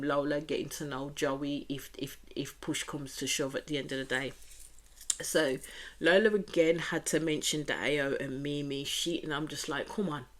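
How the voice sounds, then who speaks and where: Reviewing a reality show, this low-pitched woman with a Birmingham accent reacts in a chatty, opinionated way and keeps returning to the same stock phrases.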